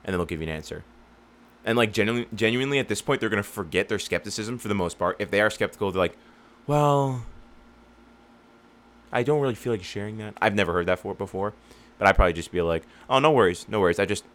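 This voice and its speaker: Young male business coach, very low voice, casual and rambling, acts out customer calls. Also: quick pace, a bit bright. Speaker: lawn care business owner and coach. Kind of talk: casual advice monologue.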